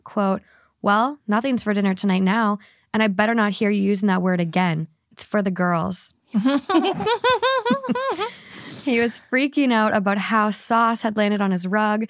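A woman hosting a podcast, reading a Reddit story aloud with animated delivery, laughing often and swearing casually. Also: mid-range voice, dry recording, studio quality. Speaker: podcast host.

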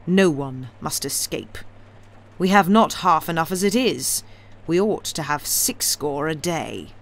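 A woman voicing a bloodthirsty male juryman who croaks and savours cruel words, in a read-aloud novel. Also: sits low, animated, measured pace, full character voice. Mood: gloating. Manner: relishing, gloating.

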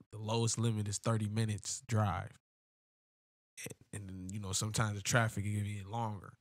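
A man's voice: fairly low pitch, fairly bright tone. A man from telling a long story on a casual podcast, rambling with lots of fillers and slang. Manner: rambling, many "you know" fillers, slangy. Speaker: podcast co-host.

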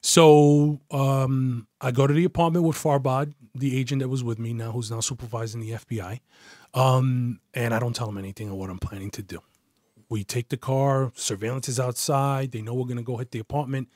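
In a casual storytelling interview, a middle-aged ex-detective speaks bluntly, swearing often and imitating the people in his tale. His voice is mid-range and darkish, with fairly even intonation and a slightly fast pace, captured in a dry, clean studio recording.

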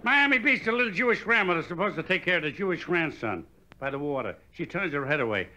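An older man doing stand-up comedy on a hotel stage, firing off quick deadpan one-liners into a stage microphone. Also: on the high side, noisy background. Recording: dull live recording, faint room ambience.

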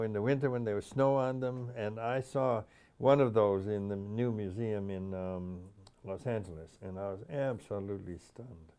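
An older man, a poet appearing as a guest, speaks reflectively in an interview and reads his own poems aloud, repeating stanzas. His voice is lowish and mellow, mixing interview talk with poetry reading.

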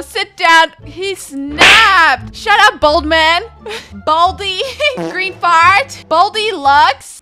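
A woman's voice: very high voice, sharp tone. A young woman giving playful, teasing gameplay commentary as a gaming YouTuber, sassy and giggly as she trashes other players. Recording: music playing under the voice.

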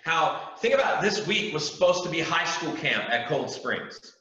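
A man's voice: on the high side, lively intonation, normal speed, pushed and bright. A man preaching a youth group sermon as youth pastor, earnest and emphatic, with repeated calls to his listeners. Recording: echoey room, distant mic, dull sound.

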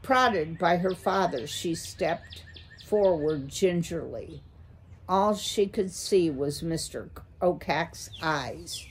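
A woman slowly reading a children's chapter book aloud to listeners. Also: on the low side, a little hiss or hum. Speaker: storyteller.

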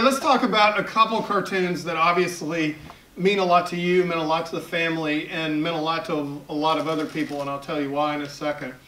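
A man's voice: fairly high pitch, fairly bright tone, slight background noise. Southern man talking in an echoey hall. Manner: chatty, self-deprecating humor. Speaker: editorial cartoonist giving a talk. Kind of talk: public talk to an audience. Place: event hall at a library. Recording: echoey hall, picked up from far off.

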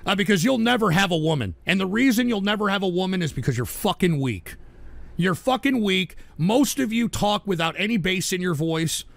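A man hosting a call-in radio show, ranting aggressively with a lot of swearing and frequent shouting. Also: high-pitched, creaky, dry recording. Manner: aggressive, profane, shouting rant. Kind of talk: live call-in radio rant.

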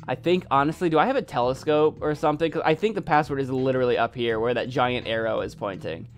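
A man's voice: mid-range voice, fast talker, few pauses, soft background music. A man casually narrating his own gameplay, rambling and joking at himself. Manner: rambling, self-mocking. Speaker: gaming video host. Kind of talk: let's-play commentary.

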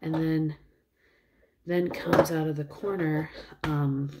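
A young woman casually retelling a film plot, rambling with fillers and soft asides. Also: low-pitched, steady tone, slow, heavy background noise. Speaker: vlogger.

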